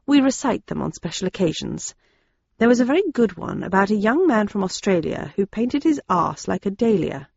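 A woman's voice: mid-range voice, big pitch swings, moderate pace, gravelly, darkish tone, slightly rough, dry recording, lo-fi sound, heavily acted. A woman reading the part of a dry-witted, unflappable old nun in an audiobook. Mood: wry.

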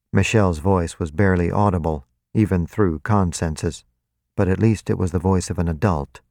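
A man narrating a novel in the first person in a wry, even way, close to the mic. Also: deep voice, moderate pace, gravelly, dry recording. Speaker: audiobook narrator.

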